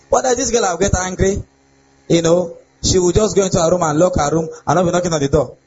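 A young adult man, a pastor, preaching a lively sermon on relationships and often asking his listeners if they get the point. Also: high-pitched, fairly quick, slight background noise. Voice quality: animated preaching with laughs and repeated rhetorical questions. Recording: dull lo-fi sound with faint ambience.

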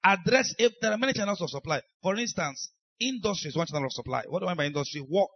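A man's voice: high-pitched, animated, fast talker, dry recording, lo-fi sound. A man with a Nigerian accent preaching a sermon as pastor, emphatic and acting out the voices of people he quotes. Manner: emphatic, acts out quoted speakers.

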